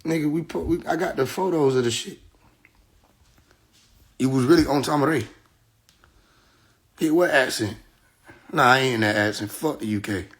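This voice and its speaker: A man's voice: medium pitch, normal speed, long pauses, fairly bright tone. A man hosting a livestream, ranting heatedly and profanely straight at his viewers. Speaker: livestream host. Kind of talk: casual livestream rant.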